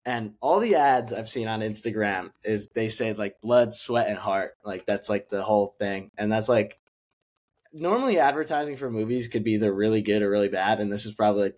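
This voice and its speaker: Podcast co-host, young adult male, lower pitch, loose, filler-heavy casual chat. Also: a little mellow. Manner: rambling, many "like" fillers and restarts. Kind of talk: casual movie review chat.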